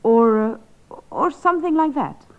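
A woman's voice: high-pitched, expressive, measured pace. Polite woman student on tinny tape. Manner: polite, inquisitive. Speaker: student in a lesson. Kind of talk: scripted language lesson. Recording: tinny phone-like old recording.

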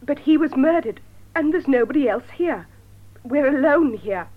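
An actress playing an anxious young woman, speaking clearly and slowly for learners, on a dull lo-fi tape. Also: high-pitched, expressive. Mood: tense. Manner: clear, slow learner-friendly delivery.

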